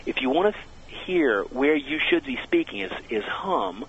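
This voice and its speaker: A man's voice: mid-range voice, moderate pace, a little hiss or hum. Man from Georgia talking over the phone. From Georgia, USA. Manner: animated, lively storyteller with many restarts. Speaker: guest, sound effects expert. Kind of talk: interview chat. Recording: dull phone line.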